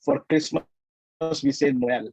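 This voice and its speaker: A man chiming in during an online class, halting with fillers as he explains things to students. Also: mid-range voice, a little mellow, breathy edge, no room sound. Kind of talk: casual remarks in online class.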